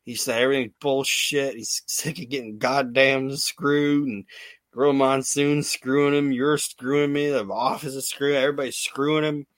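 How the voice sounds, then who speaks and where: A man hosting a casual podcast, retelling events with lively storytelling, loose swearing and acted-out quotes, on a close microphone. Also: medium pitch, normal speed, no echo. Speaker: podcast host recapping wrestling shows.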